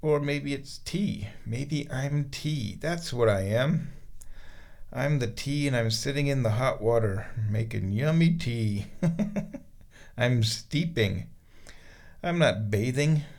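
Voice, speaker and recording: Sitting in a bathroom bathtub, a vlogger rambles casually, musing to himself and talking baby-talk to his cat. His voice is medium-pitched, slow, creaky, and somewhat dark in tone.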